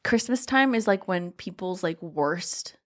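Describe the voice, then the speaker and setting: Woman book-podcast co-host, lively swooping delivery, frank casual chat. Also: lowish voice, measured pace. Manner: frank, animated, swears.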